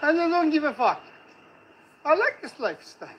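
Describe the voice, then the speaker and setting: A man's voice: very high voice, sing-song, moderate pace, lo-fi sound, slight background noise. A man chatting casually outdoors on a street, teasing and swearing in a mock-grumpy way. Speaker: vlog companion. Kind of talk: casual joking chat.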